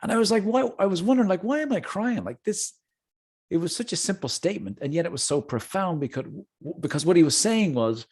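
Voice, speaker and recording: A middle-aged man hosting a casual talk, telling a personal story with jokey asides. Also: on the high side. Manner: animated, jokey asides, chatty. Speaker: host.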